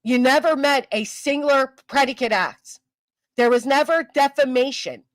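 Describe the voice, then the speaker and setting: A woman's voice: high voice, moderate pace, no room sound, rough recording. A woman hosting her commentary channel, ranting in a heated, profane, scolding way. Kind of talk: angry commentary rant.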